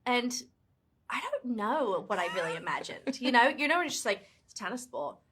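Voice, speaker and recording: Young British woman, actress on a press day, bright-toned, chatty, loose with fillers. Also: on the high side, moderate pace, husky. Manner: chatty, animated, many fillers. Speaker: actress and author being interviewed. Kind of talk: casual press junket interview.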